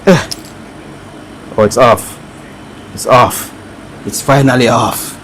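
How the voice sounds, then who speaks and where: A man with a Jamaican accent talks loosely through a repair on a live stream, answering viewers and musing as he works. His voice sits at an ordinary middle pitch. A faint hum stays in the background. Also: slow, low-quality recording. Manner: chatty, reads viewer comments aloud, thinks out loud. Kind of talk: casual live-stream chat while working.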